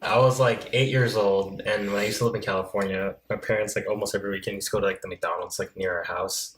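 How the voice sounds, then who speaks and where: A man telling a childhood story in casual podcast chat, lively and full of fillers. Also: fairly low pitch, fast talker, slight background noise, rough recording. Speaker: podcast co-host.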